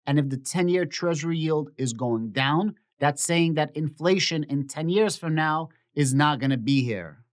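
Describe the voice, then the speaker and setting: A man's voice: on the high side, normal speed, hardly any pauses. A man talks through market news on his own channel in a casual, explanatory tone. He is opinionated and keeps circling back to the predictions he says he made. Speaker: stock market YouTuber. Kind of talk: casual finance commentary to camera.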